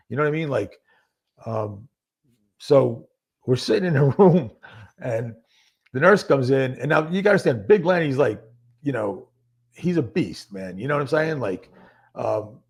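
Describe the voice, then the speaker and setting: A man talking as a podcast guest, telling his story in a casual, animated way and acting out what other people said. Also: mid-range voice, slightly rough. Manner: casual speech with many fillers. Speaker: podcast guest, former narcotics detective. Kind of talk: conversational storytelling.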